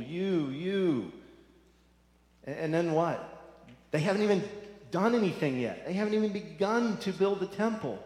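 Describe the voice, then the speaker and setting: A man's voice: medium pitch, darkish tone. A man preaching a sermon, earnest and repeating phrases for emphasis. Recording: echoey hall.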